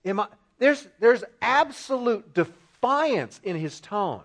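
Animated male preacher with a lively voice. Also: high voice, a little slow, hardly any pauses. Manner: animated, rhetorical questions, repeats phrases for emphasis. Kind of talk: expository sermon.

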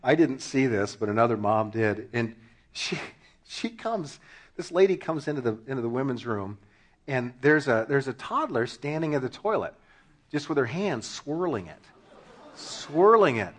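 A man preaching a sermon to his congregation, telling funny stories with sudden shouted punchlines and laughing along. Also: mid-range voice, big pitch swings, moderate pace. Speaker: pastor.

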